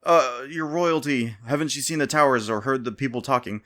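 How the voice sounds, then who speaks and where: A man's voice: medium pitch, fairly quick, fairly bright tone, pitched above the performer's own voice, lightly acted. A man voicing a nervous young guard who speaks hesitantly out of turn. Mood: timid.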